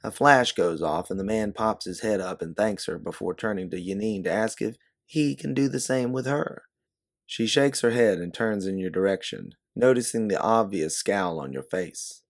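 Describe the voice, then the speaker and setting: A man narrating a second-person audiobook story in a steady, measured way. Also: lowish voice, dry recording, studio quality.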